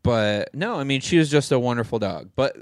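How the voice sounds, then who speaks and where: A man's voice: medium pitch, animated, fairly quick, clean tone, no room sound, clean studio sound. A man in his thirties co-hosting a podcast, chatting candidly and laughing easily. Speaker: podcast co-host. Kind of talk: casual chat.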